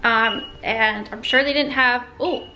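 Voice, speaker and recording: A young woman vlogs from her bedroom with a high, bright voice. She talks casually and dramatically, tossing in quick exclamations. Soft music plays faintly behind her. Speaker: vlogger. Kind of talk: casual chat to camera. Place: home bedroom.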